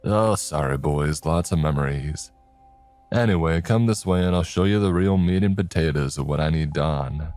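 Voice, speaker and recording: A man voicing a folksy aging flea-market owner in a cowboy hat, speaking in a slow, wistful drawl. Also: very deep voice, a little mellow, soft background music. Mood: nostalgic.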